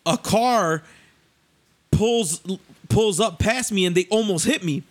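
A young man casually telling a story on a podcast, animated and slangy, often laughing and jumping into voices. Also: slow pace. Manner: animated, laughing, acts out voices with rising pitch; profane, slangy.

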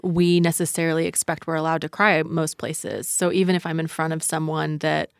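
A woman therapist on a podcast, thinking aloud in a measured casual way. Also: low-pitched, flat delivery, gravelly, smooth, no echo, clean studio sound. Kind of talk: casual conversation.

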